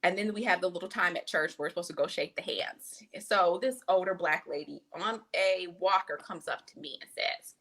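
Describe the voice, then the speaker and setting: A woman physician, a podcast guest, telling an animated, emphatic story in casual conversation. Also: fairly low pitch, fairly quick, few pauses.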